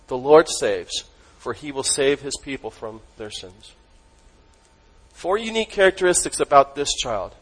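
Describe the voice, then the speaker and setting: A man preaching a sermon as pastor, emphatic, asking the congregation questions and dropping his voice low on key words. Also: big pitch swings, moderate pace, rough recording.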